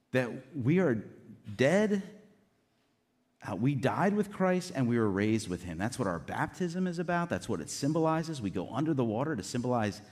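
A man's voice: mid-range voice, darkish tone. A man preaching a sermon in an earnest, conversational way, with casual asides to the congregation. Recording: long reverb of a hall.

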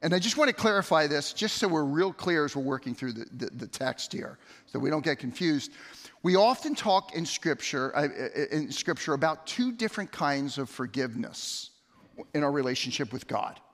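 A middle-aged man preaches as pastor in a church sanctuary, his voice on the high side, a bit bright, with lively intonation at a normal pace. He's conversational, repeating words and sharing stories, and long hall reverb colors the sound.

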